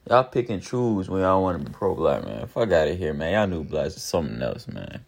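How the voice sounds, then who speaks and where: A man's voice: low voice, sing-song, a little fast, creaky. A man leaving a heated, profane voicemail, mocking the hosts as he rants. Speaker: voicemail caller. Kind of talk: ranting voicemail.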